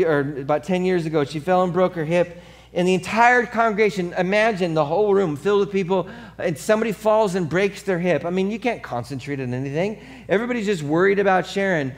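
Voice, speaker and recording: Male pastor, sermon, animated storyteller, voice a touch high. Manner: drops to soft earnest tone for the appeal.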